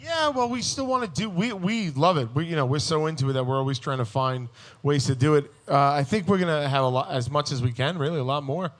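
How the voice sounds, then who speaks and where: A man in his forties telling a long crude, funny story as a guest on a live podcast, abrasive and prone to loud outbursts. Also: fairly high pitch, fast talker. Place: live show on a cruise ship.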